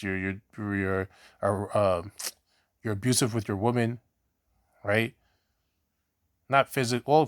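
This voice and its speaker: A man's voice: lowish voice, no echo, clean studio sound. A man giving an informal scripture teaching, talking conversationally, often asking "right?" and repeating himself, blunt and at times profane. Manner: conversational, repeats 'right?' and restarts; blunt, swears in examples. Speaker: preacher.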